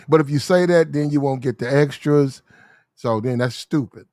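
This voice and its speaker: A man telling casual stories in a profane, animated way, acting out the other voices in the dialogue. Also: mid-range voice, normal speed, no echo. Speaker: reaction video host. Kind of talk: casual storytelling rant.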